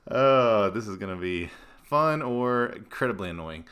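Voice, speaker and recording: A man's voice: on the low side, lively intonation, normal speed, a bit bright, clear, resonant tone. A man hosting a casual sports podcast, laughing often and rambling loosely. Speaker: podcast host.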